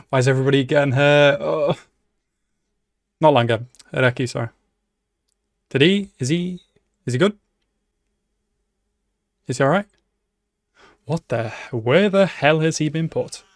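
A young man giving casual, excitable anime reaction commentary, swearing freely and talking back at the screen. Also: mid-range voice, creaky, no room sound, clean studio sound. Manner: excitable, swears a lot, laughs and shouts at the screen.

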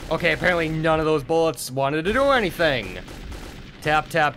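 A man's voice: fairly high pitch, big pitch swings, moderate pace, a bit bright, soft background music. A young man giving gameplay commentary, frustrated and swearing as he mutters to himself. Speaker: gaming video host.

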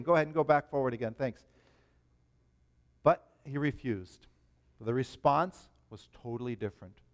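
Animated man preaching a sermon. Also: a little high. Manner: animated, emphatic, rising to stress points. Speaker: pastor. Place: church.

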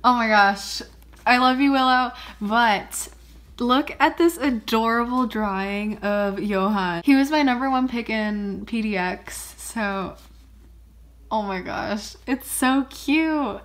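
A woman's voice: fairly high pitch, a bit bright. Bubbly young woman gushing over gifts. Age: young adult. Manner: bubbly, gushing, frequent gasps and laughs. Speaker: vlogger. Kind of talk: casual unboxing vlog.

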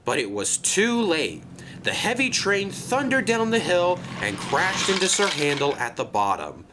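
A man narrating a children's toy-train story in an unhurried way. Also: sits high, wildly swooping pitch, noisy background.

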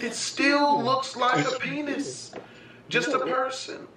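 A young man giving casual, profane, excitable reaction commentary on a vlog, often breaking into laughter. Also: very high voice, takes it slowly. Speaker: vlogger. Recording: echoey room, far from the mic, faint music.

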